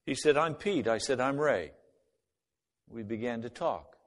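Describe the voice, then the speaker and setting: A man of middle pitch tells a personal testimony, voicing both sides of old conversations. His voice carries a long reverb, as if recorded in a large hall. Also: expressive, measured pace. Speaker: speaker giving a personal testimony. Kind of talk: spoken testimony storytelling.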